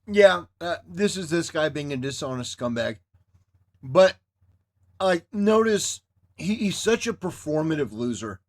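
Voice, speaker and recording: A man's voice: on the high side, big pitch swings, measured pace. A man reacting to clips with scornful, sarcastic commentary. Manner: scornful and sarcastic, insulting, mock cheering. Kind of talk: mocking commentary.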